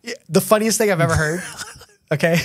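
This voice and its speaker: A middle-aged man co-hosting a casual podcast, swearing freely and telling animated stories. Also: sits high, fairly quick. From United States. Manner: crude, swears a lot, animated storyteller. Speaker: podcast co-host. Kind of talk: casual chat.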